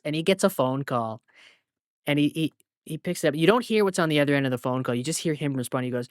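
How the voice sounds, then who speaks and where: A man co-hosting a film podcast, retelling scenes in an animated way. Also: on the high side, quick pace, no room sound, studio quality. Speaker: podcast co-host. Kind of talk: casual film discussion.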